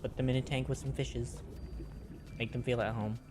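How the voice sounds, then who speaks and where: A man's voice: medium pitch, level tone, moderate pace, noisy background. A man streaming a game, talking casually to himself with mild minced oaths. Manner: chatty self-talk with mild minced oaths. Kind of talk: casual gameplay commentary.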